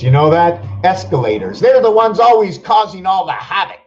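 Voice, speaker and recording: A man hosting a rambling vlog monologue, musing aloud with rhetorical questions and slowly counting out numbers, at times loud and worked up. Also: high voice, big pitch swings, lo-fi sound. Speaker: channel host.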